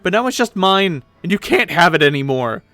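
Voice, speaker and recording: A man voicing a furious young woman who shouts and snaps sarcastically at her friend, in a webcomic read aloud with voices. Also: high-pitched, very animated, fairly quick, no echo, exaggerated voice.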